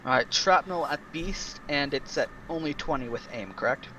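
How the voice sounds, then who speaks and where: A man's voice: a little high, moderate pace, bright, forceful tone, a little hiss or hum, poor audio. A man taking part as a player in a casual tabletop game, giving short, matter-of-fact replies.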